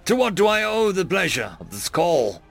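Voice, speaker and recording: A man's voice: high-pitched, huge pitch swings, moderate pace, creaky, fairly bright tone, soft background music, pitched above the performer's own voice, exaggerated voice. A man voicing an earnest, polite male ambassador and war veteran.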